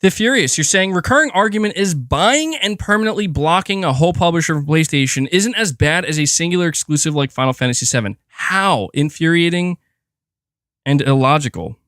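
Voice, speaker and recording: A man's voice: on the high side, animated, a little fast, a bit bright, dry recording, clean studio sound. A young man ranting profanely and with exasperation while commenting on gaming news on a livestream, often repeating himself.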